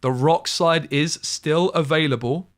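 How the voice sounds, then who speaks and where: A man casting a card game tournament live, calling plays briskly and thinking aloud between moves. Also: a little high. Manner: brisk analytical play-by-play with thinking-aloud asides. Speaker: tournament caster. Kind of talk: live esports play-by-play commentary.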